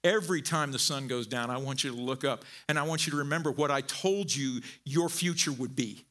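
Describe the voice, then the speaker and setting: A man preaching a sermon as pastor, animated and conversational, swinging from low quiet phrases to loud emphatic peaks with folksy asides. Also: a little fast.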